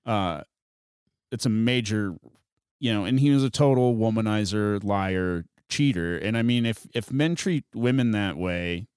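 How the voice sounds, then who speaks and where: A comedian telling a profane, animated story in a casual podcast chat. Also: male voice, lowish voice, unhurried, clean tone, dry recording, clean studio sound.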